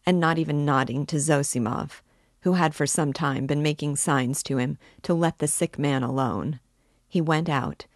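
A woman reading a classic novel aloud in a measured, unhurried way. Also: sits low, dry recording, clean studio sound. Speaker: book club reader.

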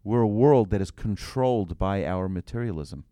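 A lower-voiced man teaching a religious class to a room of listeners. He talks in an animated way, tossing out rhetorical questions and telling stories. The sound is dry and close. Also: normal speed, no room sound. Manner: animated, asks rhetorical questions, tells anecdotes.

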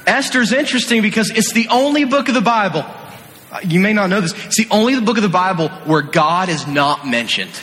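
A man preaching an animated sermon, telling the story with energy and playfully acting out the scenes, in a large echoey hall. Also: high voice, a little fast. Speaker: youth pastor.

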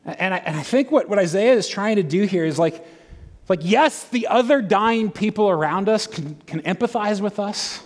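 A middle-aged man preaching a sermon in a conversational, animated way, with frequent fillers and restarts. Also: high-pitched, normal speed, big-room sound. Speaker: pastor.

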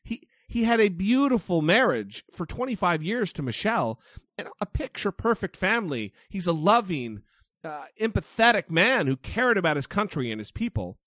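A man's voice: high-pitched, very animated, moderate pace, a bit bright, no room sound, studio quality. A man talking as a podcast guest, emphatic and swearing freely, getting heated about politics. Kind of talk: casual chat.

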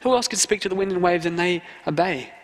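A student pastor preaching a sermon in an earnest way, repeating key phrases for emphasis. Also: male voice, high-pitched, quick pace. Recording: long hall reverb.

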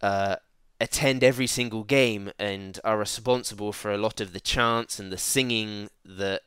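A man talking in a measured, casual way, with hesitant fillers. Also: fairly low pitch, steady tone, sharp tone, smooth, no room sound. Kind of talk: casual chat.

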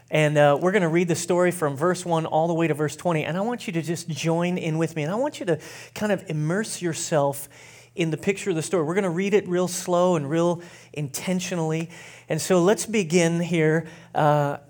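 A man preaching as pastor, chatty and relaxed with many fillers, slowing down to read scripture aloud. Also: fairly high pitch. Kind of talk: sermon.

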